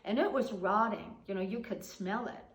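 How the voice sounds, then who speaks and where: Older woman, oral history teller, conversational with quiet trailing ends; roomy echoey recording. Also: medium pitch, moderate pace. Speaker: storyteller. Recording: roomy echo.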